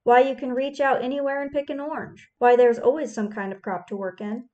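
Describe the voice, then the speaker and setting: A woman's voice: high-pitched, steady tone, fairly quick, phone-quality sound, natural voice. A woman reading the lines of stern landowning men, firm and matter-of-fact in her own voice. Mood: insistent.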